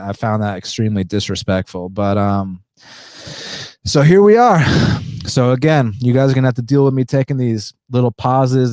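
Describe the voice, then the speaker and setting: A podcast host, a man, talking in a subdued indoor voice, short of breath and pausing for deep breaths, blunt and profane. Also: warm tone, no echo, clean studio sound. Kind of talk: casual podcast monologue.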